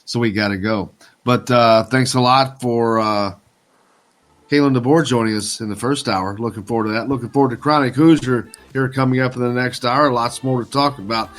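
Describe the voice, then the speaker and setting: A man's voice: mid-range voice, steady tone, fairly bright tone. A man hosting a sports talk radio show in a studio, chatting loosely and teasing listeners. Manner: loose, teasing, quick wrap-up patter. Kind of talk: casual radio chat.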